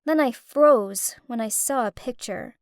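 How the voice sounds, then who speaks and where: A woman narrating a first-person animated story in a dramatic, emotional way. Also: a little high, measured pace, no room sound, studio quality.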